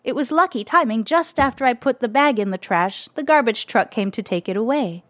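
A woman voicing a gentle, comforting mother in a storybook reading, speaking in a soothing, slightly higher voice. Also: animated, a little fast, dry recording.

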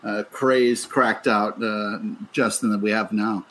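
A man's voice: fairly low pitch, steady tone, slow pace, a bit bright. A man co-hosting a podcast in casual chat, wry and exasperated. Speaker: podcast co-host.

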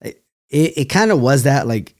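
A man's voice: mid-range voice, sing-song, normal speed, darkish tone. A young man from California, a dancer, telling stories loosely in a casual interview, laughing and restarting often. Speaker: podcast guest, dancer.

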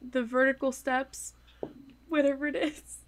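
A woman's voice: high-pitched, little pitch movement, a little slow. Eager woman playing a tabletop game. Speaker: player. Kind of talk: casual tabletop game play.

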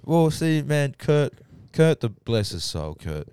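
Give me a young Australian man, slangy and rowdy, with a smooth, resonant tone. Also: a little high, sing-song, slow, a little mellow. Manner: rowdy, slangy storyteller, swears freely. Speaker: podcast host. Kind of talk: casual chat among mates.

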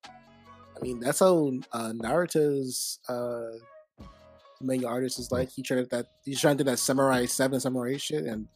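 A man's voice: mid-range voice, steady tone, moderate pace, breathy edge, soft background music. A man in casual chat, blunt and profane, talking over his friends.

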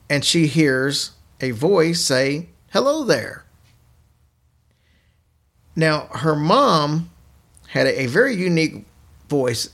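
A man's voice: mid-range voice, vocal fry. A man hosting a podcast, casually telling spooky stories to his co-hosts. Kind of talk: casual storytelling chat.

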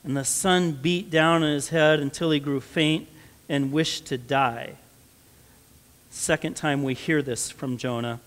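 A man's voice: on the high side, fairly even intonation, unhurried, fairly bright tone. A man with a Midwestern American accent preaching a sermon, conversational and then rising to emphatic stresses. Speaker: pastor. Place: church sanctuary. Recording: long church reverb.

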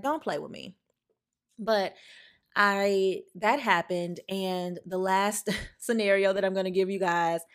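A young adult woman hosting a podcast, telling a personal story with emphatic, animated delivery. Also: medium pitch. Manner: animated, emphatic, acts out quoted lines. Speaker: podcast host.

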